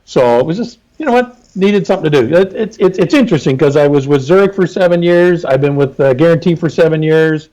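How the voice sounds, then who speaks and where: A man's voice: on the high side, lively intonation, fast, hardly any pauses, warm tone, dull audio. A middle-aged man, a trucking safety consultant, talking casually and emphatically as an interview guest.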